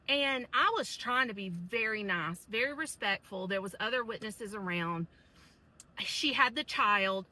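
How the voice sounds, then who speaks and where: A woman's voice: on the high side, bright, forceful tone. A woman telling an upsetting personal story to camera in a casual rant, stressing each "I said". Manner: upset, emphatic, repeats "I said".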